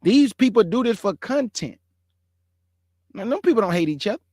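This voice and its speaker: Addressing his audience as family, brother, and bruh, this male show host delivers an earnest, impassioned monologue straight to viewers that turns heated and emphatic. His high voice swings widely in pitch at a normal speed with a darkish tone. The recording is dry, with clean studio sound.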